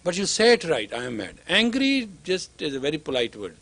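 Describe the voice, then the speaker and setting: This spiritual teacher lectures students at a brisk pace in a high-pitched, fairly bright voice that swings hugely in pitch. He repeats himself emphatically, acts out dialogue, and now and then whispers for emphasis.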